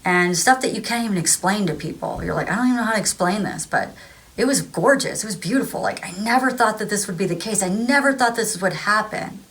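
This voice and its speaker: Woman, spiritual vlogger, loose rambling delivery, average pitch. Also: animated, quick pace, a bit bright. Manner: rambling, filler-heavy, acts out voices. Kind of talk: casual spiritual advice talk.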